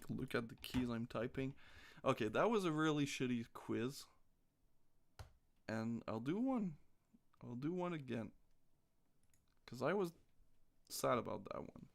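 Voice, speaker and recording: Gravelly-voiced man streaming casually. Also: medium pitch. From North America. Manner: crude, joking, reading quiz questions aloud while typing. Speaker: live streamer. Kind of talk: casual live-stream chat.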